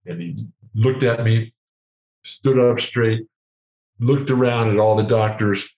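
An older man spins an animated anecdote as an interview guest, slipping into the voices of the people in it. His voice sits at an average pitch and carries a roomy echo. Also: slow pace. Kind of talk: storytelling in an interview.

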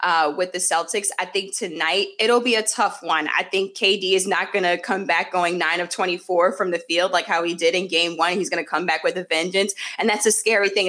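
A woman's voice: on the low side, fairly bright tone. A woman sports reporter giving her analysis and predictions in a fluent, emphatic way, with frequent fillers. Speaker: sports reporter covering a basketball team.

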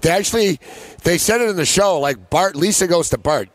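A man's voice: high voice, lively intonation, fairly quick, no room sound. A man hosting a sports betting talk show, telling a rambling story with frequent laughs in casual chat.

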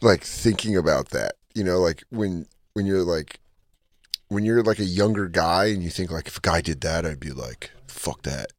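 A low-voiced man tells profane anecdotes with animated energy in casual podcast banter. His voice sounds dry and close to the mic. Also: moderate pace, no echo. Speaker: podcast co-host. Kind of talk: crude casual banter, storytelling.

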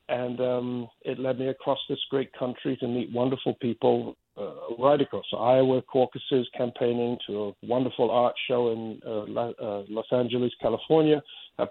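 Here the Spanish artist guest, a middle-aged man, answers an interview question at length, restarting and repeating his words as he wanders. His voice sits mid-range, and the tinny phone-line sound has no echo.

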